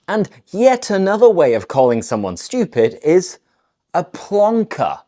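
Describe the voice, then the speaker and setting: A British woman teaching English slang at an easy, unhurried pace. Her voice sits low and mellow. She explains each word playfully, with a lively rise and fall as she models the phrases. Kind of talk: scripted language lesson to camera.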